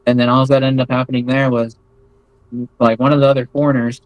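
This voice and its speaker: Speaking fast in a medium pitch that barely rises or falls, an American man recounts his experiences as an interview guest, wandering casually with plenty of fillers and restarts. The recording is dry and its highs are cut off.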